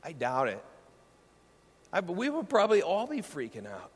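A man preaching a sermon as pastor, teaching earnestly and slowing down to stress key lines. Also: high voice, huge pitch swings, breathy edge, in a large hall.

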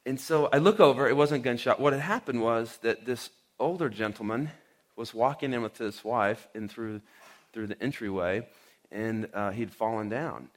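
A man preaching in a relaxed, chatty way, telling a story with plenty of "um"s and little acted-out lines. His voice sits at an ordinary middle pitch. He sounds like a pastor talking to his congregation rather than reading. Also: normal speed. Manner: casual storytelling with fillers and acted quotes. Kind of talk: conversational sermon with personal story.

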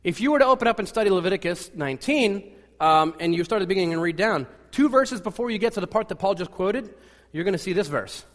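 A man's voice: high-pitched, animated, quick pace, a bit bright. A man giving a casual, rambling sermon, full of fillers, restarts and wry asides. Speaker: pastor. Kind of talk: conversational sermon. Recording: long hall reverb.

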